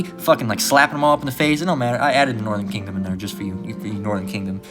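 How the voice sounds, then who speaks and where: A man's voice: on the low side, fairly even intonation, racing, over music. A man giving a casual religious lesson in a blunt, profane way, often tagging his points with "all right". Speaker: religious teacher.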